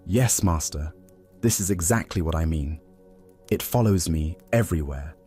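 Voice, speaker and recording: A man's voice: sits low, expressive, moderate pace, mellow, soft background music. A man voicing an earnest, anxious young male disciple in a spoken storybook. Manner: earnest, frustrated cries.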